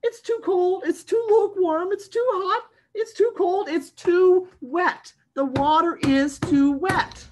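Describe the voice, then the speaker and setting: A woman voicing a fussy, whiny male pigeon from a picture book, in a high sing-song complaining voice. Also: takes it slowly, few pauses, a little mellow, a little hiss or hum. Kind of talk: children's picture-book read-aloud.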